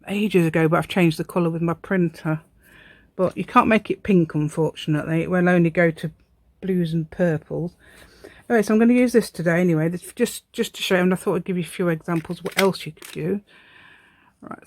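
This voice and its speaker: She's a crafting channel host with a lowish, darkish voice, recorded dry. While working through a casual tutorial, she chats, rambles, teases herself and laughs frequently.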